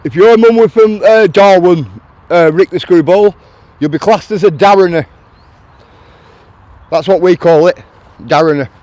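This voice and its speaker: A man's voice: sits high, normal speed, darkish tone, dry recording. Chatty Lancashire man on a walk. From Lancashire, England. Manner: chatty, answers viewers' chat and calls them mate and guys. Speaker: live-stream host. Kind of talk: casual walking live stream. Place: outdoors in a town, near traffic.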